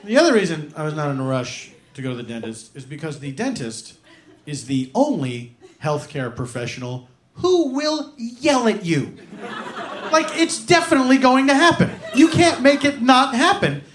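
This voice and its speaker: A man doing a stand-up comedy set, animated and acting out indignant voices. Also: high-pitched, normal speed. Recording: echoey live room with audience noise.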